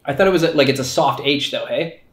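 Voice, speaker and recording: Man, quick talker, joking podcast co-host, echoey room. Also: medium pitch. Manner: joking, rambling, skater slang. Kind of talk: casual chat.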